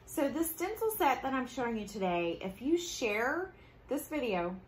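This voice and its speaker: A chatty woman with a Southern drawl hosts a live craft demo, her voice sitting a little high and bubbly. She talks casually to viewers and laughs easily. The sound is roomy and echoey, with faint ambience behind her. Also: very animated, normal speed, slight background noise. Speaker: host.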